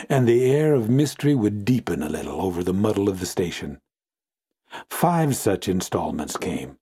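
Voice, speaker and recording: A man narrates an audiobook in a measured, deliberate manner. His voice is low, dark and mellow, with a husky grain. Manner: measured, deliberate reading with drawn-out phrases. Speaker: audiobook reader. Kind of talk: scripted narration.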